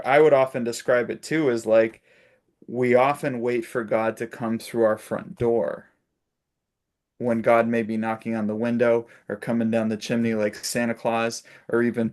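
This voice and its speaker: A man facilitating a spiritual discussion on a video call, telling stories and acting out little quotes with laughs. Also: mid-range voice. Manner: warm storytelling with laughs and acted-out quotes.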